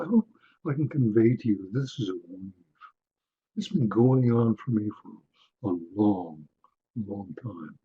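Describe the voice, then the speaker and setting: A man giving a webinar lecture, unhurried, often checking in with his listeners. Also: mid-range voice, warm tone, breathy edge, muffled recording. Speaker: webinar presenter on attitudinal healing.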